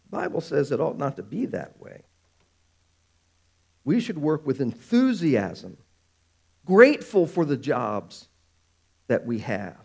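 A man preaching a sermon, animated, stretching out words for emphasis. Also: medium pitch, vocal fry, husky. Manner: animated, drawn-out emphatic phrases.

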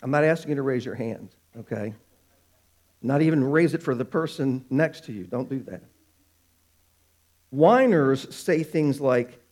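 A man preaching a sermon, animated, stretching out words for emphasis. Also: a little high. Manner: animated, drawn-out emphatic phrases.

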